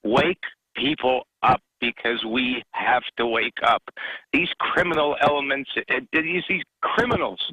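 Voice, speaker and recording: Impassioned husky male radio caller. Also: mid-range voice, pushed and bright, no echo, poor audio. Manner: earnest, impassioned, halting. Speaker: caller, truck driver. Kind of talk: call-in talk radio.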